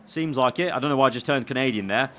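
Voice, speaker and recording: A young man commentating live as he plays a racing management game, excitable and talking to himself. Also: medium pitch, quick pace. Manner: excitable, talks to himself while managing the race. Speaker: gaming YouTuber.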